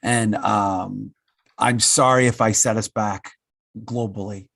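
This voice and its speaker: A man's voice: lowish voice, steady tone, takes it slowly, vocal fry, a bit bright, dry recording, clean studio sound. A man co-hosting a podcast in casual joking chat, rambling and self-mocking with lots of fillers and restarts. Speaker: podcast co-host.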